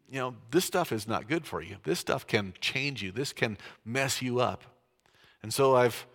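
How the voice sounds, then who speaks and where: A man with a bright, forceful voice preaches a sermon, talking to the congregation in a loose, conversational way and dropping in joking asides. The sound rings with a long reverb, as in a large church hall. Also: mid-range voice. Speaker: pastor.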